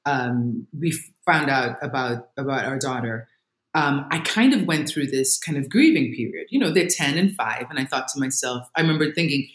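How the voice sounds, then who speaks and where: A woman in her thirties, a guest in a casual chat, telling lively family stories and acting out quotes. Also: extremely low pitch, moderate pace. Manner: animated storytelling with acted-out quotes. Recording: roomy echo.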